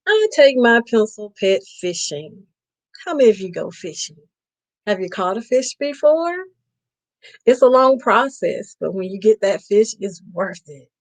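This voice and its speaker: A woman's voice: medium pitch, lively intonation, a little slow, low-quality recording. A woman host reading a picture book aloud to children on a live stream, playfully stopping to ask them questions.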